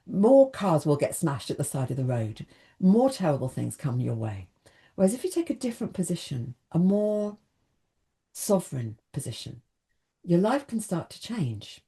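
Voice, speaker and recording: Woman, self-help speaker, talks straight to camera, lively pitch. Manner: earnest, addresses the viewer directly with questions. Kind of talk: motivational talk to camera.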